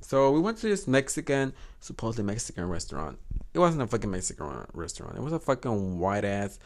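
Podcast host, young man, lively swooping pitch, loose storytelling with frequent laughs. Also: fast, creaky. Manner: animated, swearing, code-switching Spanish words, laughing often. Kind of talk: casual storytelling.

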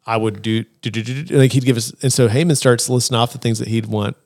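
A man's voice: mid-range voice, no echo. Guy podcast host telling a bible story, jumps into little character voices, pretty dry close sound. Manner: animated, acts out characters' lines in quick voices. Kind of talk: casual chat retelling a Bible story.

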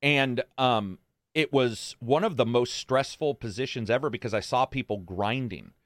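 A blunt man talks through work stories in a loose, casual chat, swearing freely as he goes. His voice sits at an ordinary middle pitch, and the recording is dry and close, with almost no room sound. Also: moderate pace, no echo. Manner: blunt, profane storytelling. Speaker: podcast host.

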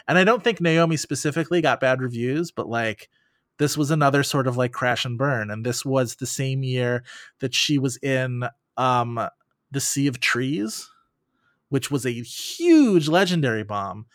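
A man of middle pitch talks as a podcast guest, riffing in long, animated run-on thoughts full of "like"s. His voice sounds dry and close, with no room around it. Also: unhurried, no echo. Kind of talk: casual podcast chat.

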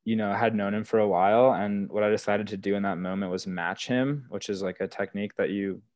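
On a podcast, a young man shares earnest, casual stories about working as a wilderness therapy guide, peppering them with "like" and "you know." He sounds fairly low and darkish, keeps his intonation fairly even and moves at a brisk pace, with no echo in the audio.

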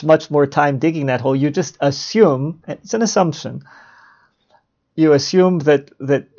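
A man's voice: a little high, darkish tone. A middle-aged man hosting a reflective solo podcast monologue, musing and posing rhetorical questions he then answers himself. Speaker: podcast host. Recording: muffled lo-fi recording.

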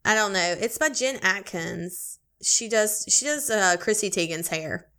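A woman co-hosting a podcast, chatting casually and telling an animated, swearing, laughing story. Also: mid-range voice, a little slow, smooth. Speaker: podcast co-host. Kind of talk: casual chat.

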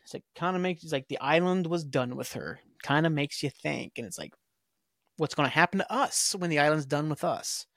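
This podcast host's recap of a TV episode wanders and complains, with scenes paraphrased loosely. His fairly high, creaky, slightly bright voice moves fairly quickly, and the studio-quality recording has no echo.

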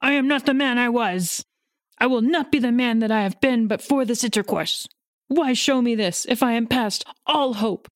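A woman's voice: mid-range voice, measured pace, dry recording, clean studio sound, natural voice. A woman reading aloud, voicing an old miser man who pleads with a ghost in a rising, desperate voice. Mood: desperate pleading. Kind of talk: audiobook reading.

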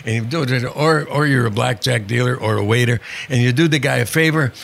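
An older man with a gravelly, creaky voice settles into a long show-business anecdote. He talks wryly and conversationally, slipping into the voices of the people he quotes. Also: medium pitch, brisk, a bit bright. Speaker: guest, comedian. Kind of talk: storytelling interview chat.

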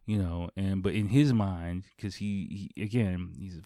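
A man's voice: low voice, a little slow, no echo, clean studio sound. A man telling a rambling, profane anecdote in a casual way, acting out the other people's lines. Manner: profane, animated anecdote with acted-out quotes. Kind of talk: casual storytelling.

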